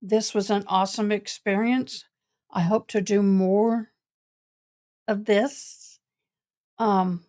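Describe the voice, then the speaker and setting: A woman's voice: mid-range voice, steady tone, takes it slowly, long pauses, a little mellow. A woman hosting a livestream, closing out late at night with gushing, affectionate thanks to her viewers. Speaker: stream host and interpreter. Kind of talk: livestream sign-off chat.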